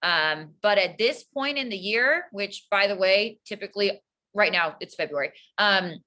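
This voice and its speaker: Earnest woman teacher, bright voice. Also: mid-range voice, moderate pace, low-quality recording. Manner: earnest, calm, explanatory. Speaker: teacher, guest. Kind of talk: casual interview answer.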